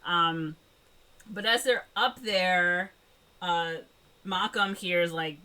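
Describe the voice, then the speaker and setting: A woman's voice: fairly low pitch, very slow, bright, forceful tone, smooth. A woman co-hosting a podcast, casually retelling a movie plot in a rambling way full of "like" and "um". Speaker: podcast co-host. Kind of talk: casual movie recap chat.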